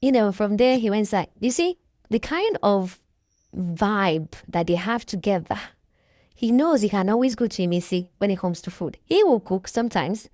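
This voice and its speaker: A woman's voice: mid-range voice, sing-song, normal speed, darkish tone, no room sound, studio quality. A Nigerian woman with a stuffy nose from a cold, chatting emphatically and gossiping as she comments on a reality show. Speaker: reaction vlogger.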